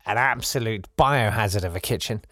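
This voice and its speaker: A man's voice: fairly low pitch, fairly quick, no echo. Wry, rambling man, dry sound. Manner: wry, rambling, gently self-mocking. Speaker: podcast host. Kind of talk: casual chat reading listener messages.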